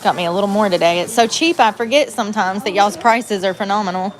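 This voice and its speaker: A woman's voice: medium pitch, quick pace. A woman, rambling casually to her livestream viewers while running errands. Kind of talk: casual live-stream chat.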